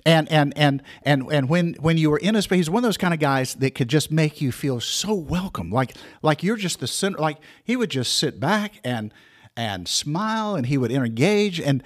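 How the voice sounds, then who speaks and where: A man in his sixties telling personal memories for listeners, halting with many restarts and fillers. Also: a little high, animated, dry recording, studio quality.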